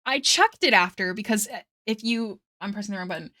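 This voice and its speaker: A young woman chats away on her art stream, rambling from one story to the next and laughing often. Her voice is bright and clear, with middling pitch, and she reads viewers' messages aloud between thoughts. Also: a little fast. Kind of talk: casual stream chat while drawing.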